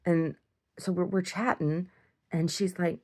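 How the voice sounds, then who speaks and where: A woman's voice: fairly low pitch, steady tone, a little slow, dark tone. A woman talking bluntly and profanely in a rambling diary monologue, with many restarts and small chuckles. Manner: blunt and profane, full of restarts and "I don't know"; chuckles often. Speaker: video diarist.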